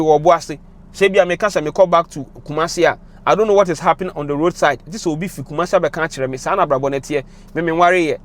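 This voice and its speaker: A young Ghanaian man speaking with a Ghanaian accent, giving emotional, impassioned commentary that switches between English and Twi. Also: a little high. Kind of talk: passionate commentary to camera.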